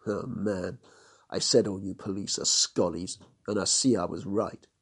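A man's voice: low voice, fairly even intonation, a little slow, husky, exaggerated voice. A man voicing an angry male safari guide in a storybook reading, blunt and bitter.

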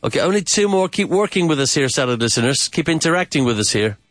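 A man's voice: a little high, very animated, fast talker, fairly bright tone, no echo. A man hosting a podcast grammar lesson, repeating phrases, drilling questions and dropping in Spanish asides with enthusiasm. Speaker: English teacher and podcast host.

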